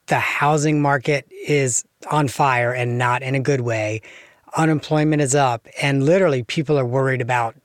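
A male podcast host with a mid-range voice talks conversationally and sometimes cuts in with quick, apologetic asides. His voice sounds dry and close, with no room echo. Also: mid-range voice, fairly even intonation. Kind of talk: podcast interview.

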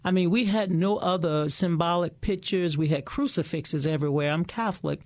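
A middle-aged woman, a guest in an interview, telling lively stories about her past and often repeating words as she starts a sentence. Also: on the low side, moderate pace, dry recording. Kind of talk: casual interview storytelling.

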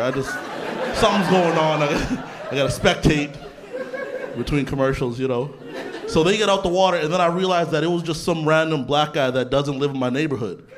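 A young adult man from Canada doing a stand-up comedy set in a theatre, talking conversationally with deadpan punchlines and casual asides. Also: fairly high pitch. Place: theatre stage before a laughing audience. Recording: live theatre set with crowd laughter. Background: audience laughter.

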